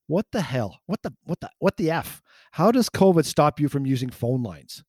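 A man in a casual podcast chat vents indignantly about a bad experience. His voice sits at middle pitch, and the recording is dry and close. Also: animated, fairly quick, darkish tone, no room sound. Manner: indignant ranting. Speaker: podcast co-host.

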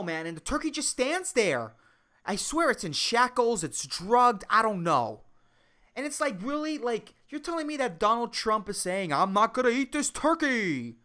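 A woman hosting a solo podcast, ranting sarcastically and swearing often, jumping between loud outbursts and low mutters. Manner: profane, rambling and sarcastic, says dude a lot. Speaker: podcast host.

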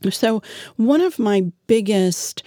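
A woman giving steady, measured advice to parents, speaking straight to the listener and asking rhetorical questions. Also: mid-range voice, dry recording, clean studio sound.

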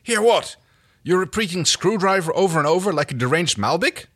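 A man's voice: high voice, lively intonation, a little fast, a bit bright, voice pushed up. A man putting on a snappish alien woman pilot. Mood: impatient. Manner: snappish and exasperated.

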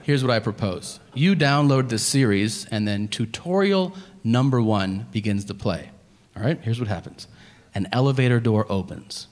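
A man performing a stand-up comedy set, animated and shouting out punchlines, on a club stage. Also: medium pitch, moderate pace, slight background noise. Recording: live club with long reverb and audience.

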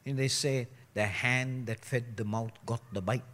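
A man preaching a sermon, joking and mimicking people, then dropping to a low, earnest tone. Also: steady tone, unhurried, a bit bright. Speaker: pastor.

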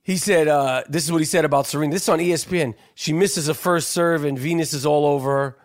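A man hosting a podcast, telling a story in a lively, profane, casual chat. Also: a little high, fast talker. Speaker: podcast host.

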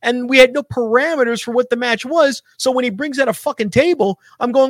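A man's voice: very high voice, fairly quick, few pauses, a bit bright, dry recording, clean studio sound. A man co-hosting a casual wrestling talk show, ranting animatedly and swearing often. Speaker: podcast co-host.

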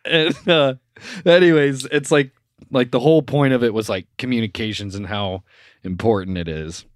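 A young man co-hosting a casual podcast, telling stories in an animated way and laughing through them. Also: mid-range voice, moderate pace, no room sound, studio quality. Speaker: podcast co-host. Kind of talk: casual chat.

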